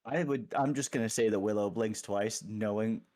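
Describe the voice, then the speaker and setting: A man's voice: on the low side, moderate pace, darkish tone. A man narrating as game master of a tabletop game, talking hesitantly with many restarts and easy laughter.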